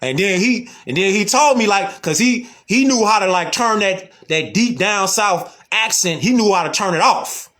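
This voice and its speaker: This man with a Chicago accent talks on social media in a loose, slangy monologue, often saying "you know what I'm saying." His voice sits high and sounds expressive, pushed and bright. He speaks at normal speed with few pauses.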